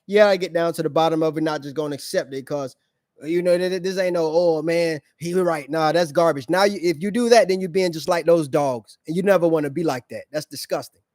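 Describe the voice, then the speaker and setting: A man's voice: a little high, fast, darkish tone, no echo, clean studio sound. A man streaming live reactions, ranting bluntly in slang and asking his viewers questions. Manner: blunt, slangy, preachy, asks the audience questions. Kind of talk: ranting commentary on a played clip.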